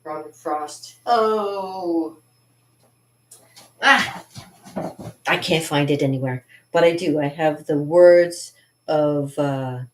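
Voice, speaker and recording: A woman's voice: sits low, darkish tone, roomy sound, a little hiss or hum. A woman vlogging about cartooning in a chatty, giggly way, reading her own poetry aloud with theatrical drama.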